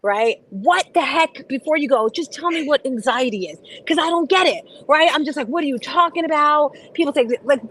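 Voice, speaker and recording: A woman's voice: high voice, lively intonation, a little fast, hardly any pauses, low-quality recording. A woman hosting an interview, chatty and exclamatory as she asks her guest questions. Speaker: host. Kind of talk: casual interview talk.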